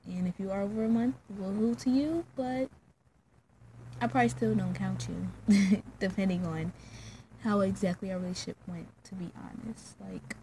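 A woman's voice: mid-range voice, steady tone, moderate pace, warm tone, a little hiss or hum, low-quality recording. A woman vlogger telling a story in a casual, slangy, chatty way, full of fillers, straight to her viewers.

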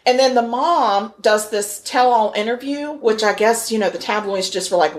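A woman co-hosting a casual podcast, telling a story in an animated, joking way with frequent laughs. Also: a little high, normal speed. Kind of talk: casual chat.

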